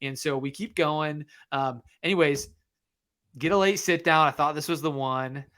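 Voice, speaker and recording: A man from Michigan, a guest author, telling a story in casual podcast conversation, lively and acting out the dialogue. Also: a little high, moderate pace. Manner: animated, re-enacts dialogue.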